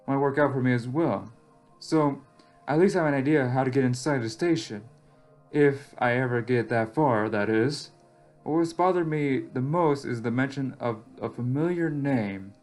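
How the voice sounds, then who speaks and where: A man's voice: mid-range voice, a little mellow, close to an everyday voice. A man reading aloud as a lost, anxious young survivor in a text game, reflective and wry, with faint game music behind. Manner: reflective, rises sharply when alarmed.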